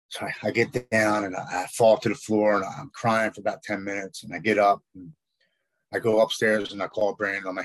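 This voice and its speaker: A middle-aged man telling his own recovery story in a raw, halting way, often repeating words. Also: lowish voice, little pitch movement, dry recording. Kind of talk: personal storytelling.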